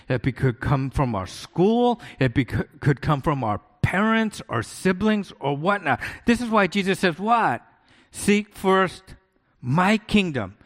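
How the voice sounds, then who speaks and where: Man preaching with a long hall echo. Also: on the high side. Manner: conversational, keeps asking "right?" and rhetorical questions. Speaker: pastor. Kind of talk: sermon.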